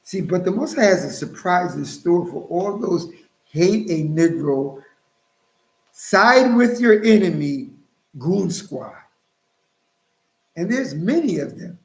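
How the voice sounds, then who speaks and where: High-voiced man preaching in a roomy echo. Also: animated, slow, vocal fry, pauses often. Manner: emphatic, scolding, rhetorical, cites scripture. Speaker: channel host preaching on scripture. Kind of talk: preaching commentary.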